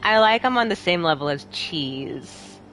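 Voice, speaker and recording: A young woman streaming a game, chatting casually with her chat and a friend, bubbly and quick to laugh. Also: low-pitched, soft background music. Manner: bubbly, giggly, animated, talks to chat. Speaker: streamer and host. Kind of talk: casual chat while playing a game live.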